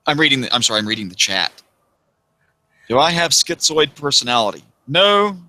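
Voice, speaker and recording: A man's voice: mid-range voice, sing-song, brisk, pushed and bright. A man from the American South who lost his accent, chatting casually as a livestream guest, wry and rambling, with plenty of swearing. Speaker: interviewee, YouTuber.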